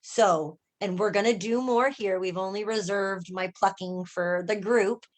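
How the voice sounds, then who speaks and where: A woman coach and healer in an animated, casual group chat on a video call, often checking in with her listeners as she tells stories. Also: mid-range voice, unhurried. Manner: animated storyteller, often asks "right?" and acts out quoted voices.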